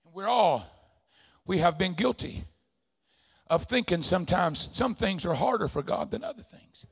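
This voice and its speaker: A man preaching a sermon, swinging between hushed, low storytelling and shouted, fervent declarations. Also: lively intonation, normal speed, creaky, breathy edge.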